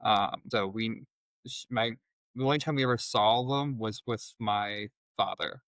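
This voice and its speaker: A man telling his personal story as a podcast guest, in a halting, reflective way with many restarts. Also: lowish voice, fairly bright tone, dry recording, rough recording.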